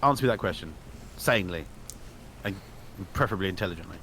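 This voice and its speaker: A man's voice: sits low, expressive, quick pace, pushed and bright, a little hiss or hum, voice pushed down. A man playing a hotheaded, sword-waving wrangler. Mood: demanding. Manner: blunt, threatening, swears.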